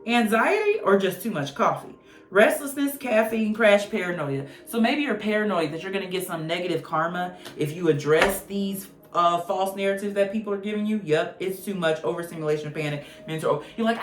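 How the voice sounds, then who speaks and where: A woman's voice: mid-range voice, animated, brisk. A woman giving a casual tarot reading, blunt, slangy and profane, joking as she goes. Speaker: tarot reader. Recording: roomy echo with faint music.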